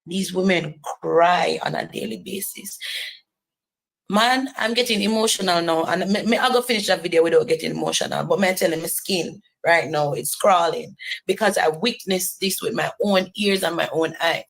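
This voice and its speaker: A woman's voice: on the low side, moderate pace, gravelly, low-quality recording. A woman giving earnest personal testimony, driving points home by repeating phrases.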